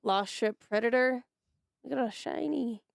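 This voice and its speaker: A woman's voice: fairly high pitch, measured pace, creaky, dry recording, clean studio sound. A woman chatting casually on a stream and playfully reading card names aloud while opening packs.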